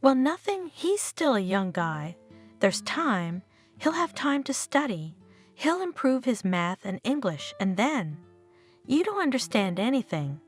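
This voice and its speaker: A woman reading as an upbeat father who keeps his tone bright and reassuring, with lively ups and downs in pitch. Faint guitar plays behind him in this spoken story. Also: breathy edge, exaggerated voice. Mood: cheerful. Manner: deliberately cheerful. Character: hopeful, encouraging middle-aged father.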